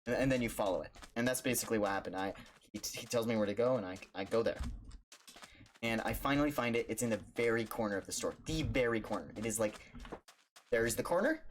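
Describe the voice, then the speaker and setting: A young man, a streamer, telling a story casually and animatedly, putting on high voices for the people in it. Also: fast talker, a little hiss or hum.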